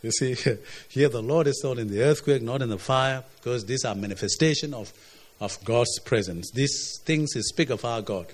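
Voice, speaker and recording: Man preaching a bible sermon, stumbles n repeats words, gets loud then drops real quiet. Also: mid-range voice. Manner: halting, repeats words, rises and falls in volume.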